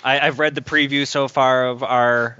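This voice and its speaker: Bright, crisp-voiced male co-host. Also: medium pitch, steady tone, moderate pace, highs cut off. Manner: hesitant, restarts often. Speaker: podcast co-host, editor. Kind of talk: casual podcast chat.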